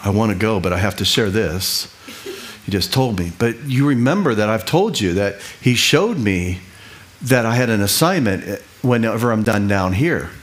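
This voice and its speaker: A middle-aged man preaching a sermon, talking in a casual, conversational way with repeated phrases and quick asides. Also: lowish voice, animated. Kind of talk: sermon teaching.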